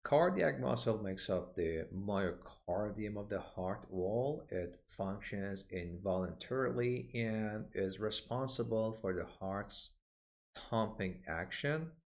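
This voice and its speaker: Low-voiced male teacher, slow and explanatory, repeats each term for pronunciation. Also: animated, vocal fry. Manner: explanatory, with frequent "uh" fillers. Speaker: English vocabulary teacher. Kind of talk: recorded online lesson.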